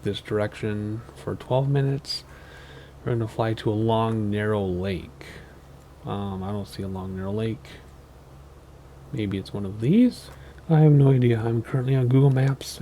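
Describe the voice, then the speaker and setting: A man's voice: fairly low pitch, mellow, slight background noise. Tired, rambling man at gaming commentary. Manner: rambling, chatty, self-correcting with many ums. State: tired and sleep deprived. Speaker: flight sim gaming channel host. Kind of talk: casual gameplay commentary.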